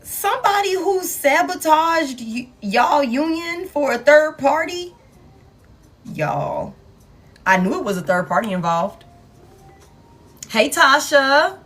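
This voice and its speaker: A woman's voice: sits high, big pitch swings, a little slow. A woman tarot reader, chatting casually to viewers, laughing often and swearing as she acts out the people in her reading. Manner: laughing, profane, playfully acts out quoted people.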